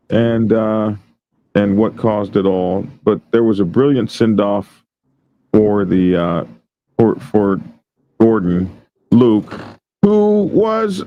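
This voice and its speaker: A male show host with a mid-range voice reads news stories aloud and riffs on them, laughing frequently in a casual commentary style. The audio sounds dull.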